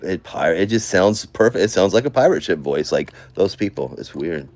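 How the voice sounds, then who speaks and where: Brief: deep-voiced male vlogger, casual, mumbles while scrolling, flares into rants. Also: lively intonation, fairly quick, no room sound. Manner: muttering to himself, then ranting loudly. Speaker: online commentary vlogger. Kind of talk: rambling casual commentary while scrolling comments.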